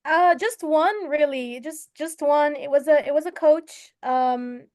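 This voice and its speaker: A young woman with a high voice, guesting on a chat show as an umpire. She talks in a plain, earnest way, calm and direct. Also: a little slow. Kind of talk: casual interview talk.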